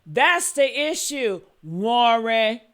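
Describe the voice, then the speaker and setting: A woman giving heated, cursing reaction commentary on an interview, yelling at times. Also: a little high, big pitch swings, extremely slow. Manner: angry, yelling and cursing, then apologetic.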